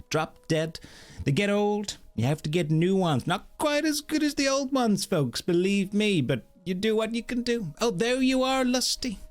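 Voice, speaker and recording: A man's voice: high voice, voice pushed up, lightly acted. A man voicing a rambling mad old noblewoman in a blustering politician-style impression, repeating himself, for a game.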